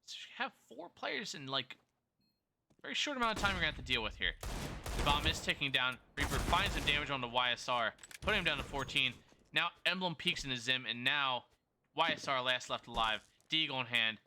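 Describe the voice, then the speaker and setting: Medium in pitch and expressive, a man's voice carries solo play-by-play of a competitive shooter match over background noise. Despite a sore throat he calls the action rapidly, correcting himself along the way and trading banter with live chat between rounds.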